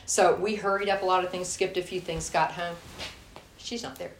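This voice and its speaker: A woman giving a sermon and telling personal stories in a lively way, acting out her own anger. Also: fairly low pitch, moderate pace, a little hiss or hum. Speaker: guest speaker. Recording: echoey room.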